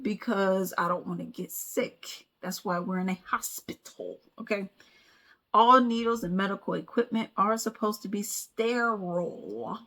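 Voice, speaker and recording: A woman's voice: medium pitch, a bit bright. A woman vlogger in casual commentary, telling stories with lots of asides and frequent "okay?" tags.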